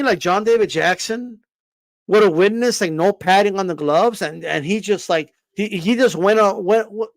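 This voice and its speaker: Ranting over boxing on his live stream, the high-voiced man swears liberally and stumbles on repeated words. He peppers listeners with rhetorical questions, the sound dry and close with no room around it.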